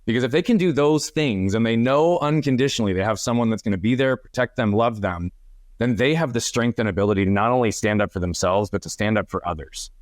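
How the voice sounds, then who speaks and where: A man's voice: medium pitch, fast talker, no room sound, clean studio sound. A middle-aged man hosting a podcast, speaking in a reflective, affirming and earnest way. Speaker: podcast host. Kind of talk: conversational interview.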